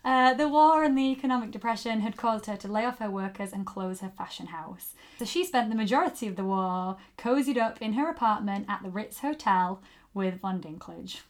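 A chatty woman co-hosting a podcast, telling a story in a relaxed, conversational way. She breaks into giggles and side comments as she goes, with a voice of ordinary pitch. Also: a little fast. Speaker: podcast co-host. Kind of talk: casual podcast chat.

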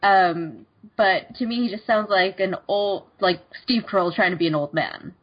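Hesitant, husky-voiced woman on a podcast. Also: medium pitch, normal speed. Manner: hesitant, full of restarts and "like". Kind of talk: casual podcast chat. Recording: dull lo-fi sound.

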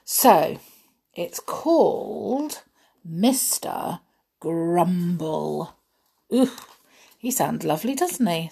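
Woman storyteller, very slow, husky, low-ish voice, playful children's book reading. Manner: expressive, gently playful narration.

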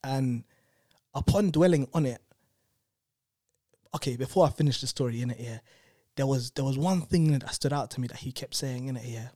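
Young bloke spinning a story, keeps saying innit, dry sound, mid voice. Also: male voice, mid-range voice, normal speed, pauses often, dry recording. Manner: animated, peppered with "innit" and "you know what I'm saying". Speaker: storyteller guest. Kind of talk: casual anecdote telling.

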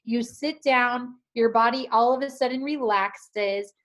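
A woman, a guest on a talk show, telling a story in a casual, animated way and laughing often. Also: a little high, a little slow.

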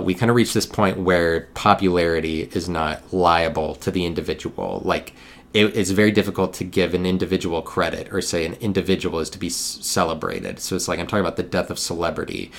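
A young man with a low voice hosts a solo podcast, meandering through a monologue with frequent restarts. He sometimes gets loud when something riles him.

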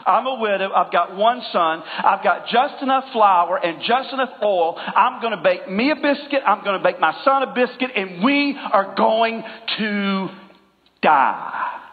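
A man's voice: high voice, animated, measured pace, big-room sound, narrow, tinny audio. A male preacher voicing a despairing poor widow in a retold story, with a pleading tone. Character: distressed poor widow, grown woman, despairing.

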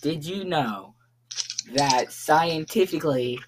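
Low-voiced teenage girl, teasing. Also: lively intonation, slow pace, heavy background noise. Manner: teasing, giggly. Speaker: podcast co-host. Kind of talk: casual chat.

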